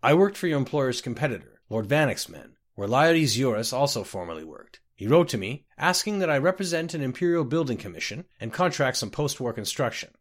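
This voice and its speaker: A man's voice: mid-range voice, sing-song, fairly quick, hardly any pauses, pitched above the performer's own voice. A man voicing Reglius, a grim wry clerk. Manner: dry, grimly sardonic.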